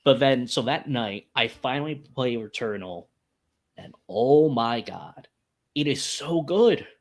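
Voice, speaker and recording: A man's voice: mid-range voice, lively intonation, slow. A man with a Canadian accent, co-hosting a gaming podcast in casual chat, enthusiastic and saying "like" a lot. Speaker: podcast co-host.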